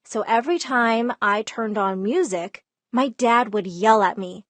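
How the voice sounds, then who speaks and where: Lively dramatic storytime narrator, woman, high voice, dry close sound. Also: a little slow, no room sound. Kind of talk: first-person storytime narration.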